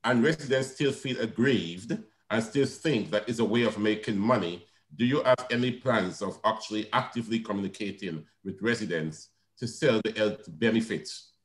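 A man chairing an online council committee, asking long, halting questions full of ums. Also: lowish voice, poor audio. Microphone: video call.

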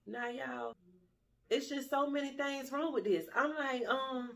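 A woman's voice: high-pitched, fairly even intonation, measured pace, creaky, bright, forceful tone. A woman vlogger telling a dating story to her viewers in a blunt, profane, laughing way.

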